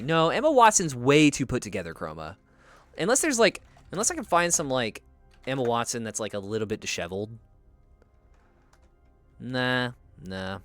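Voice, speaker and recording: A man's voice: medium pitch, fairly bright tone, no echo. A young man chatting casually as a streamer while he plays a game, rambling and swearing freely. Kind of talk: casual gameplay commentary.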